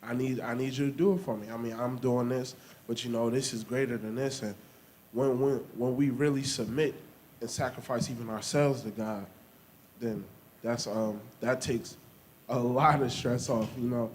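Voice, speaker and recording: A man's voice: mid-range voice, fairly even intonation, normal speed, darkish tone, slight background noise. A man, talking about faith in a rhythmic, repetitive, preachy way. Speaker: discussion participant. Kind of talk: casual faith-based discussion.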